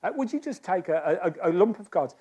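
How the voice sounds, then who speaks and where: A man's voice: sits high, animated, brisk, warm tone, husky. Joking man doing stage magic patter. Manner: chatty, self-mocking, joking with volunteers. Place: stage of a magic society hall.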